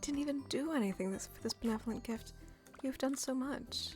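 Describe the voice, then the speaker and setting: Excitable streamer woman, slightly high. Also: fairly quick. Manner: chatty and excitable, often drops to a whisper. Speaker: game streamer. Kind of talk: casual live-stream commentary. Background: game music.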